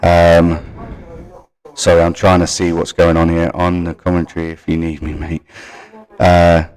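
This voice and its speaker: A deep-voiced man hosts a live gaming stream. He reads league tables and player points straight off his screen and breaks off to answer his viewers in a casual, matey way. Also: monotone, unhurried, darkish tone, clean tone, rough recording. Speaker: stream host.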